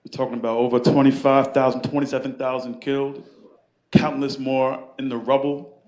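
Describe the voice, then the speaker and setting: Male event moderator with a rousing, preacherly delivery, medium pitch, echoey bookstore room. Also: level tone, normal speed, darkish tone. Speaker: panel moderator. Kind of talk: event moderation with call-and-response.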